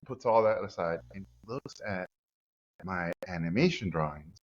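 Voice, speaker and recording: Man in his forties from Mexico, animated guest storyteller, lowish voice, dull podcast audio. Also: normal speed. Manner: lively storyteller acting out quotes.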